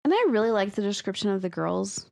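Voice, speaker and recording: A young woman co-hosting a podcast, chatting casually about submitted stories in a lively way, laughing often and speeding up when she tells anecdotes. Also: medium pitch, quick pace, gravelly. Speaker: podcast co-host.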